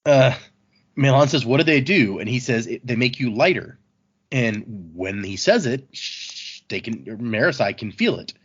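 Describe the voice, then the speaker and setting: Animated man retelling a story. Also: mid-range voice, breathy edge. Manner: retells scenes, quoting characters in quick asides. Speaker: podcast host summarizing chapters. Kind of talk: casual chat, retelling a story. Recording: dull, muffled podcast audio.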